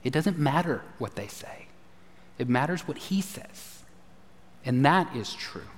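A man's voice: medium pitch, animated, unhurried. A man, a pastor preaching a folksy, conversational sermon with asides. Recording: reverberant church hall.

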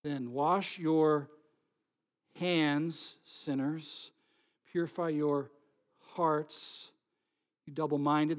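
A male pastor preaching a sermon, swinging between hushed, whispered lines and loud, pleading ones, often asking the congregation questions. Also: fairly high pitch. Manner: asks the congregation rhetorical questions.

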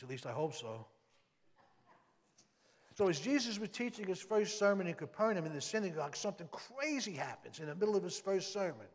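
A man delivers a sermon from the pulpit, his voice sitting a little high. He speaks conversationally, then leans hard on key words. The church hall carries a long reverb behind him. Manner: conversational preaching with emphatic rises. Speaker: pastor.

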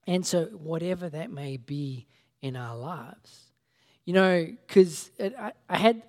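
Male pastor, casual storytelling sermon, animated dialogue delivery. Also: on the high side. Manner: animated storytelling, acting out conversations; casual, conversational asides.

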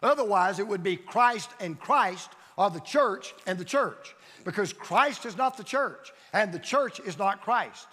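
In a church sanctuary, a male pastor drives his sermon points home with emphatic repeated phrases. His fairly high, sharp voice rings out against a long hall reverb.

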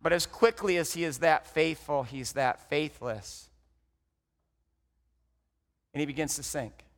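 A man with a high voice preaches in a church sanctuary. He tells the story dramatically, rising loud and dropping to a hush. His voice trails off in a long hall reverb. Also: unhurried. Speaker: pastor. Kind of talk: sermon.

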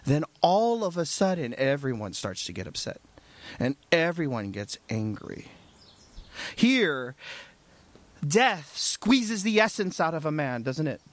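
A male preacher delivers a sermon at a very slow, deliberate pace. He moves between hushed and fervent emphasis, and his voice sounds dry and close with little room echo. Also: high voice, animated.

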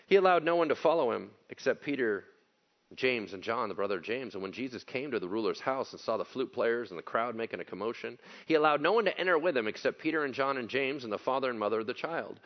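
Animated, joking male pastor preaching. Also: mid-range voice, fast talker, lo-fi sound. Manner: animated, joking, acts out quotes. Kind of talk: conversational sermon.

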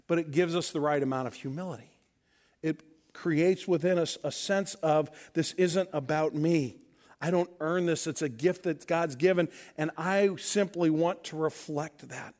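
A man from Missouri preaches a sermon in a fairly high voice. He makes emphatic points and acts out the dialogue of the people in his stories. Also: a little mellow. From Missouri, USA. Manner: storytelling with acted-out dialogue, emphatic. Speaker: pastor.

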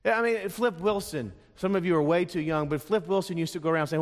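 A man preaching a sermon as pastor, emphatic, with dramatic pauses on key words. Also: sits high. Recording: long reverb of a large hall.

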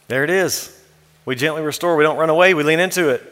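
A pastor preaching a sermon, emphatic, lifting his voice to urge the listeners and dropping it low to read scripture. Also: fast talker, a bit bright. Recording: long reverb of a large hall.

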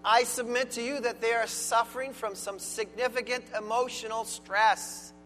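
A man's voice: very high voice, steady tone, normal speed, sharp tone, slight background noise. A man preaching a sermon as pastor, earnest and emphatic, stressing key words. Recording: long hall reverb with faint music.

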